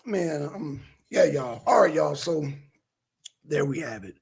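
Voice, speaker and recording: Gravelly, husky man ranting bluntly. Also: fairly high pitch, expressive, slow, darkish tone. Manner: blunt, profane, heated. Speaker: livestream host. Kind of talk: political talk stream.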